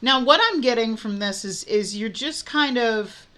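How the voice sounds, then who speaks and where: A woman's voice: fairly high pitch, lively intonation, measured pace, pushed and bright. A woman giving a casual tarot reading, talking frankly with many fillers and restarts. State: hiccups. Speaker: tarot reader.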